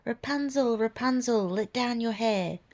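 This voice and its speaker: A woman voicing a mean, nasty old witch in a storybook, high, loud and drawn-out. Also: lively intonation. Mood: calling. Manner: shrill, loud and slow.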